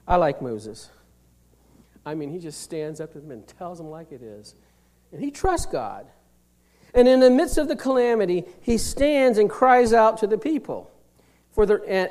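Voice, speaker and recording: A man preaching a sermon, reading scripture slowly and explaining it plainly, swinging between loud emphasis and hushed, near-whispered lines. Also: high voice, big pitch swings. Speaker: pastor.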